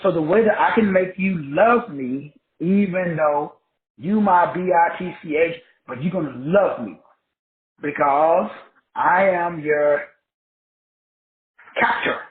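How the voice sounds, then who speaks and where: A self-help teacher preaches his lessons, spelling words out letter by letter and answering his own questions with emphatic repetition. His voice is fairly high and slow, with frequent pauses, and the sound is tinny and phone-like in an echoey room.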